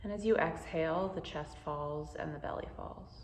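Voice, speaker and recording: A woman guiding a meditation, speaking slowly and gently with soothing instructions. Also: low voice, roomy sound, slight background noise. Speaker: meditation guide. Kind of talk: guided meditation.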